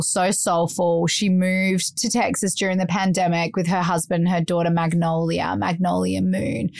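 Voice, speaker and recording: A woman, hosting a podcast and telling stories in animated casual chat, laughing often and acting out voices. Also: mid-range voice, no room sound, clean studio sound. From Australia. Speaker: podcast host.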